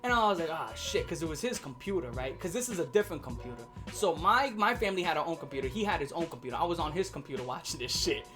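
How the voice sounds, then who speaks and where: Animated, profane young man telling a story. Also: fairly high pitch, quick pace, hardly any pauses, soft background music. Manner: animated, profane, laughing, slangy. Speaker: vlogger ranting about his childhood. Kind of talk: casual storytelling rant.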